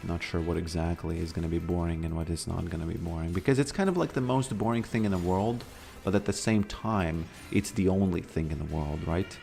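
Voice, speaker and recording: A Latvian man with a Latvian accent streams a game, chatting casually and rambling with lots of fillers. His voice is deep and a little mellow, with vocal fry, and he talks a little fast with hardly any pauses. Faint music plays behind him.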